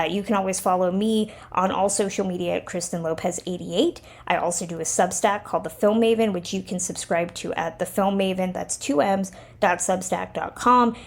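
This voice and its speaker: A woman's voice: medium pitch, normal speed, vocal fry, few pauses, a little mellow. A woman hosting a podcast, reading an upbeat outro with announcements and thanks. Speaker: podcast host.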